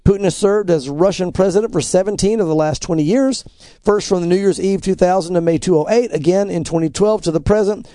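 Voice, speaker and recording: Middle-aged pastor, man, high pitched, mellow dark tone, emphatic and earnest news commentary. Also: no echo, studio quality. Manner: emphatic, earnest, quotes scripture and articles. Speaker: pastor, co-host. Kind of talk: preaching-style news commentary.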